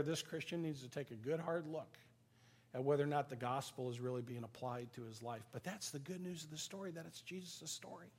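A middle-aged man with a fairly high voice preaches to his church. He tells everyday stories and laughs at his own failings in a plain, conversational way. His tone stays friendly and unpolished. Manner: conversational storytelling, self-deprecating, laughs at himself. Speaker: pastor. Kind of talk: sermon. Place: church sanctuary.

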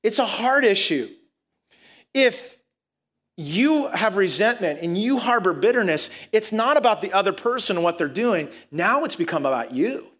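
A man preaching a conversational sermon, acting out little scenes and quoting characters in lively voices. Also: sits high, moderate pace. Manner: animated, conversational, acts out quotes. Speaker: pastor.

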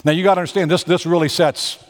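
A man's voice: on the high side, steady tone, fast talker, big-room sound. A man preaching a sermon, emphatic, repeating phrases and restarting as he makes his points. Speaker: pastor.

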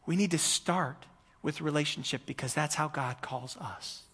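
A man, a pastor preaching a conversational sermon, swinging between loud emphasis and hushed moments. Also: a little high, normal speed, husky, big-room sound.

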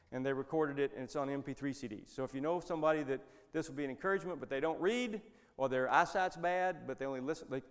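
A man delivers a sermon in an easygoing, folksy way and wanders through his story. His voice sits at an ordinary middle pitch. It rings with long reverb, as if it was recorded in a large church hall. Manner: folksy, rambling, with many restarts. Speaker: preacher.

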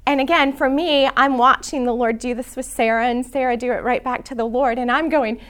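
A middle-aged woman teaching a church prayer class, earnest and emotional, dropping into soft whispers when she quotes prayers. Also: high-pitched, brisk, hardly any pauses.

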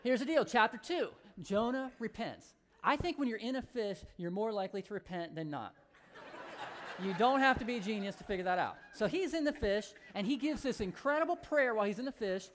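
A woman pastor giving a sermon as animated, conversational storytelling. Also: on the high side, brisk, slight background noise.

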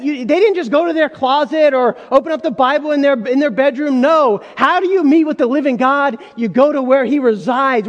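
A man preaching a sermon as pastor, talking conversationally and addressing the congregation with asides. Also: very high voice. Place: church sanctuary. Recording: long hall reverb.

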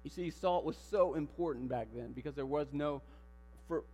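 A man preaching a sermon in a church, animated, firing rhetorical questions and building to emphatic declarations. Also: a little high, normal speed. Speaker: pastor. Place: church sanctuary. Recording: long hall reverb with mains hum.

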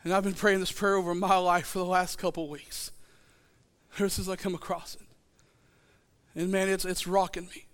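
A man preaching a sermon in church, building to shouted fervor. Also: sits high, level tone, normal speed, long pauses, clear, resonant tone. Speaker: pastor.

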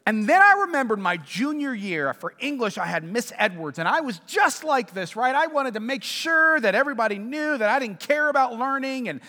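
A man preaching a sermon as pastor, animated in how he tells stories. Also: extremely high pitch, normal speed, few pauses, long reverb tail.

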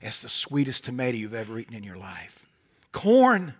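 A middle-aged man with a Southern American accent from North Carolina, preaching a sermon with folksy humor and animated storytelling that drops to soft intensity. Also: mid-range voice, moderate pace, slightly rough.

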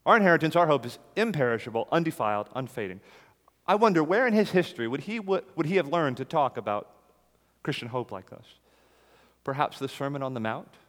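A man preaching a sermon to a congregation, emphatic, rising louder on key phrases and dropping low after them. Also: very animated, fairly quick, long reverb tail.

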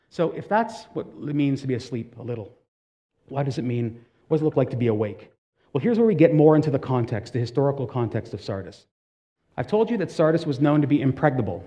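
A man's voice: mid-range voice, sing-song, brisk, dark tone, dull audio. A man preaching a sermon in a conversational way, asking the congregation direct questions and telling stories with casual asides. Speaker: pastor.

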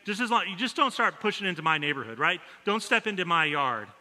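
A male pastor delivers a sermon, telling a story in an easy, conversational way and going soft for quoted lines. His voice is very bright and sits a little high. The church hall behind him rings with a long reverb. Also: expressive, fast.

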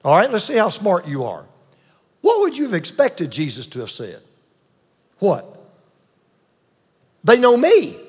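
A man in his sixties preaching a sermon as a pastor, emphatic, with dramatic pauses and asides to the congregation. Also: high-pitched, huge pitch swings, husky, in a large hall.

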